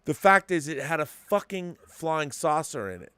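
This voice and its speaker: A man in his fifties hosting a casual talk show, telling a story with excitement and many restarts. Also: a little high, moderate pace, clean tone, no room sound. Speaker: host. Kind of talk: casual podcast chat.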